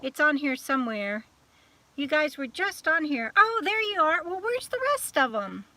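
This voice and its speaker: A YouTube channel host with a Southern US accent runs a live-stream chat, greeting viewers one by one in a chatty, scattered way. Her voice is high-pitched and sing-song with a sharp tone, at a moderate pace.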